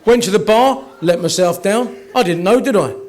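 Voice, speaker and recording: A man's voice: sits high, moderate pace, darkish tone, slight background noise. A man from Kent doing a cheeky, self-mocking stand-up routine at an awards dinner in a hotel function room. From Kent, England. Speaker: after-dinner comedian.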